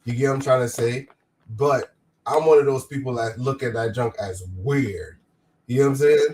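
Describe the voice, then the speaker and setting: A man's voice: mid-range voice, normal speed, background noise. A man hosting a podcast in casual chat, loose and slangy with many false starts. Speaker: podcast host.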